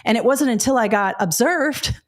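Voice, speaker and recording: A middle-aged woman hosts a live education webinar in a fairly high, animated voice at normal speed. She talks directly and chattily, with frequent fillers and asides.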